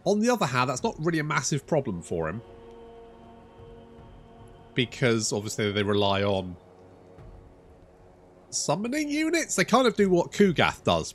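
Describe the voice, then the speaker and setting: A man's voice: mid-range voice, big pitch swings, unhurried, pauses often, soft background music. A man giving casual, rambling let's-play commentary over a strategy game, swearing freely and poking fun at himself. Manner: rambling, sweary, self-mocking. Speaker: gaming YouTuber.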